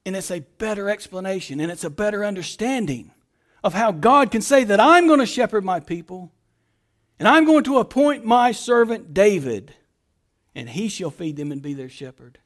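A male pastor with a very high-pitched voice reads scripture aloud in his sermon and explains it through forceful rhetorical questions. He often lets his phrases trail off into a hushed tone.

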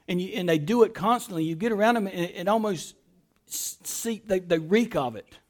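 A man preaching a sermon as pastor, swinging between loud emphatic lines and soft quiet ones, repeating phrases and restarting words. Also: high-pitched, lively intonation, fast.

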